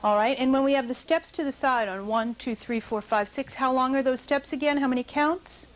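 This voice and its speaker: A woman's voice: high-pitched, fairly quick. A middle-aged woman teaching a dance notation class in a studio, coaching dancers and calling counts aloud.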